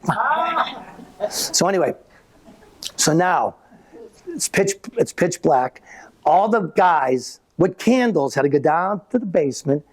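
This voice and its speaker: A man's voice: a little high, animated, a little slow, pauses often, slightly rough. A man in his sixties doing live stand-up, rambling through stories and checking in with the audience. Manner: rambling, repeats himself, asks the audience. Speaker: stand-up comedian.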